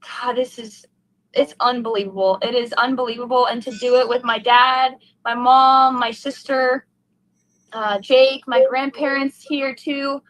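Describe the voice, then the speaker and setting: A woman's voice: fairly high pitch, steady tone, unhurried, a bit bright, poor audio. A young woman race driver in an emotional post-race interview, gushing and heartfelt, rambling with fillers.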